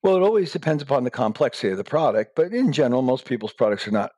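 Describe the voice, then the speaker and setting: A man's voice: medium pitch, very animated, very fast, darkish tone, no room sound. A middle-aged man answering interview questions emphatically, giving blunt step-by-step advice. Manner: emphatic, acts out quoted dialogue in raised voices. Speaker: guest entrepreneur.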